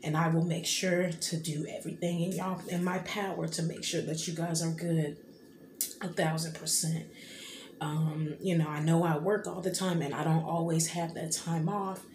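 In a casual, heartfelt vlog, a woman in her thirties speaks in a low, even voice, sounding tearful and emotional. She rambles, often adding "you know what I mean." Her echoey room has a noticeable background hum.

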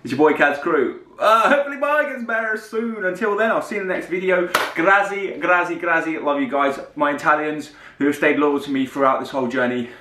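Bright-voiced man chatting slangily. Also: fairly high pitch, lively intonation, fast talker, few pauses, far from the mic, slight background noise. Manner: slangy, chatty, keeps asking the viewer for agreement. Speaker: reaction video host. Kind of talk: casual reaction commentary. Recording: echoey room with loud pop song playing. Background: loud dance-pop music.

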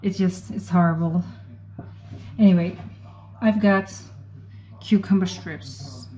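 Speaking slowly in a lowish, mellow voice, a woman from the Netherlands talks to viewers in her casual cooking vlog. She reads recipe steps and often says sorry, with a Dutch accent and American-leaning English.

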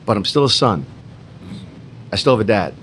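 A man's voice: lowish voice, sing-song, moderate pace, a bit bright, a little hiss or hum. A young man at a business roundtable, telling a personal story in an emphatic, repetitive way with some swearing. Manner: emphatic, repetitive, mildly profane. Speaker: entrepreneur in a roundtable.

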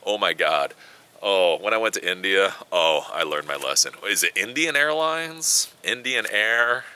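A man with a low-pitched but very bright, forceful voice chats casually to camera. He swings widely in pitch as he tells a story and throws in the odd swear word. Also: lively intonation, a little slow, clean tone. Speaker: tech video host. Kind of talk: casual chat.

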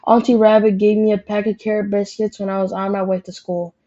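A woman's voice: mid-range voice, little pitch movement, fairly quick, warm tone, highs cut off, natural voice. Woman doing a young fibbing male fox. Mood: tearful. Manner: earnest, tearful pleading.

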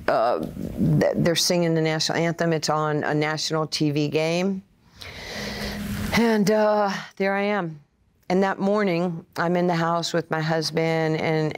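A woman tells stories in an interview, in a fairly low voice. She is an animated storyteller who acts out the voices of the people in her stories. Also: smooth. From Brooklyn, New York. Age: 60s. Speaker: interview guest, former player and coach. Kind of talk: conversational storytelling.

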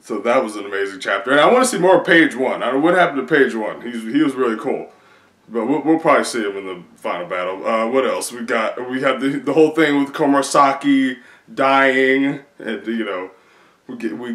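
A man chatting casually as a video creator, rambling excitedly through a recap with many fillers. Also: mid-range voice, a little fast. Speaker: video creator reacting to comics. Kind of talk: casual chat. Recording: roomy echo.

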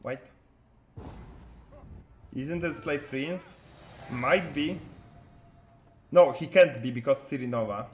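Speaking slowly with frequent pauses, this streamer has a medium-pitched voice and some slight background noise. He casually comments on a live card game and responds to his chat mid-play, all in a room with noticeable echo.

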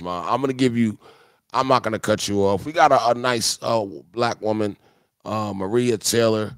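A man's voice: on the low side, moderate pace, smooth, dry recording, clean studio sound. A man hosting a live-streamed music review, talking in crude, mocking, joking banter. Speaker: host.

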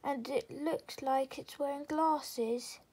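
A woman doing an excitable young girl. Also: high-pitched, slow. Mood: excited.

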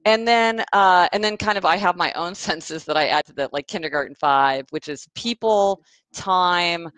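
A woman author answering questions in a casual interview over a video call, telling stories in a chatty, animated way with lots of fillers. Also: lowish voice, normal speed, no echo, low-quality recording. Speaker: author guest.

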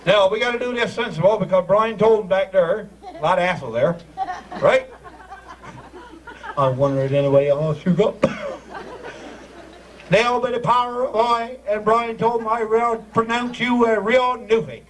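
A man's voice: high voice, normal speed, pauses often. A man leading a joking ceremony, teasing and laughing as he calls people up. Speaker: ceremony master. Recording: noisy crowd, distant amateur video.

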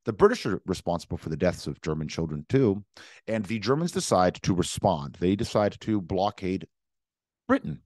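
Young guy teaching history, low voice, super dry sound, keeps repeating stuff for emphasis. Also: sing-song, moderate pace, darkish tone, no room sound. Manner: emphatic, repeats words, voices opposing sides in first person. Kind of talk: classroom history lecture.

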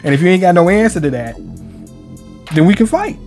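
A man's voice: high-pitched, very animated, a little fast, darkish tone, faint music behind. A young man casually reacting to a manga chapter, slangy, profane and joking as he reads it out. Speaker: manga reviewer.

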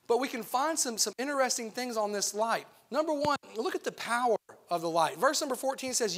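A man's voice: very high-pitched, lively intonation, brisk, fairly bright tone. A young man, preaching earnestly as a guest youth pastor, casual and full of restarts. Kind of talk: sermon.

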